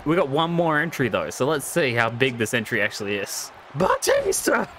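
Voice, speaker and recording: This is casual live-stream commentary from a young man playing a wrestling video game, delivered fairly quickly in a medium-pitched voice with slight background noise. Excitable and jokey, he laughs often and swears a lot.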